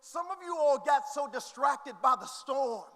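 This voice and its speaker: A male pastor, preaching a sermon that goes from quiet reading to shouting. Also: very high-pitched, animated, unhurried. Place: church hall. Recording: long reverb of a church hall.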